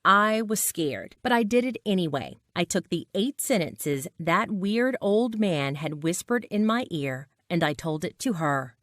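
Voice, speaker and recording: A woman's voice: on the low side, sing-song, unhurried, hardly any pauses, a bit bright, dry recording, studio quality. A woman narrating a dramatic personal story in a scripted read.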